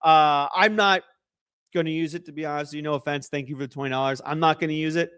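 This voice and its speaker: A man's voice: a little high, fairly even intonation, fast, a bit bright, clear, resonant tone. A young man hosting a casual livestream, joking and rambling as he reacts to chat messages and donations. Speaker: livestream host.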